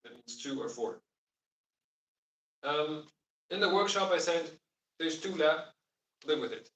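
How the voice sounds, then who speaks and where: A man with a slightly high voice and a fairly bright tone teaches a classroom lesson on Quranic Arabic, lively but unhurried. He explains patiently and puts questions to his students, recorded from a distance in a roomy space.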